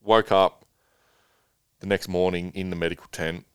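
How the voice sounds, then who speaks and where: A man's voice: sits low, level tone, normal speed, fairly bright tone, smooth, dry recording, clean studio sound. A young man casually telling a long rambling story as a guest, swearing freely.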